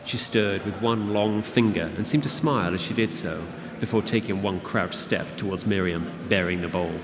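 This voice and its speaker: Man with a low voice reading a story. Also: a crowd in the background. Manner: steady, measured narration. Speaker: author reading his book. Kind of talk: reading a fantasy novel aloud. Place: convention event room. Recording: long hall reverb with audience.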